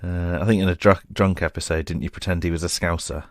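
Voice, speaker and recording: A man's voice: low voice, steady tone, quick pace, no echo, studio quality. A man co-hosting a podcast in easygoing casual chat, reading out listener questions. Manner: easygoing, reads out listener questions, calls the other "mate". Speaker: podcast co-host.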